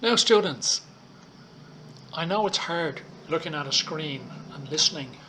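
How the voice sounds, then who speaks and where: A male English teacher talks students through his lesson slides at an unhurried pace, spacing out each point. His voice sits a little high and sounds bright and clear. A faint room ambience hangs behind him. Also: expressive, slight background noise. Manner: slow, deliberate teacher talk with frequent "okay"s. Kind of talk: recorded online lesson, explaining slides. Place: Thailand.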